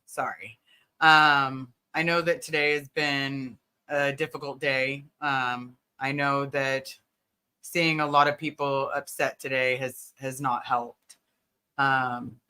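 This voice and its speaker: A woman's voice: deep voice, pushed and bright. A woman hosting a casual livestream, earnestly greeting viewers by name and reassuring them. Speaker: livestream host.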